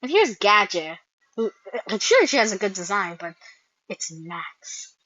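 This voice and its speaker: Excitable woman, bright lively voice, reads and reacts to a fan comic, dry lo-fi mic. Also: medium pitch, measured pace, no room sound. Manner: excitable, with squeals and laughs. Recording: slightly dull lo-fi mic.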